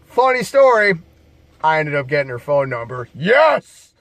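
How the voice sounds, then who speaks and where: A man's voice: fairly high pitch, big pitch swings, moderate pace, a bit bright. A man casually telling bar stories to camera as a bouncer, laid-back, profane and jokey.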